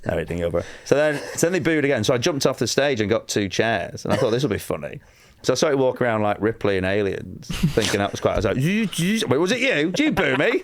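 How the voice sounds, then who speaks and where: A comedian from England telling a long anecdote on a podcast, acting out quotes and laughing a lot. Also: male voice, on the low side, dry recording. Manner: storytelling with acted-out quotes, laughing often. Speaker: comedian guest.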